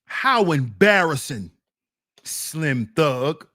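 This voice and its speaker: A woman's voice: deep voice, sing-song, drawn-out words, a bit bright. A woman hosting a reaction commentary channel, scolding and mocking her viewers and repeating lines for emphasis. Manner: slips into mock voices of the men she criticizes.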